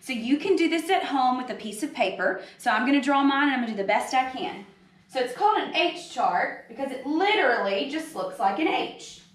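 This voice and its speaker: A third grade teacher reads a story and then gives children an upbeat video lesson, her high-pitched voice lively in intonation and fairly quick. She explains things with hand gestures, and the recording has a roomy echo.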